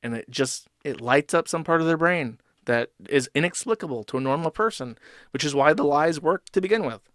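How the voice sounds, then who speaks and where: A young man rants to his chat, exasperated and profane, trailing into restarts and sneering laughs. His voice sits a little high for a man, recorded close and dry with no room sound. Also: lively intonation, a little fast, fairly bright tone, no room sound. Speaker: streamer host reacting to a clip. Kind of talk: ranting commentary to chat.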